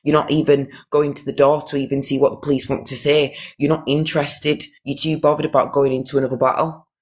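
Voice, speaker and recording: A man's voice: medium pitch, little pitch movement, fast, darkish tone, husky. A man hosting a live stream, indignant and emphatic, restarting his sentences.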